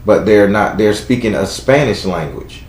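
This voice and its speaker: A man with a Southern US accent reads tarot live for a caller, blunt and chatty as he talks aloud to the spirits. His voice sits on the low side. The sound rings in an echoey room. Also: animated, normal speed, a little mellow. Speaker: tarot reader. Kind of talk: live tarot reading call-in.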